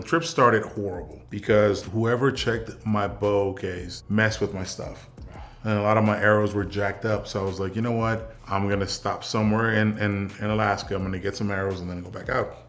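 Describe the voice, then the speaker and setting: This is a young man from South Texas, a veteran being interviewed, who speaks in a low, laid-back voice. He rambles through his anecdotes with plenty of "um" and "you know," keeping the tone of a casual conversation. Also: normal speed. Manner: relaxed, rambling anecdotes with many fillers. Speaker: interview guest, military veteran.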